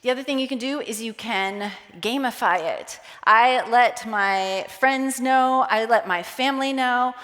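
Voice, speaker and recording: A woman giving a conference talk on stage, lively and acting out quoted voices. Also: a little high, unhurried, hardly any pauses. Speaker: conference speaker. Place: conference hall. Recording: long hall reverb.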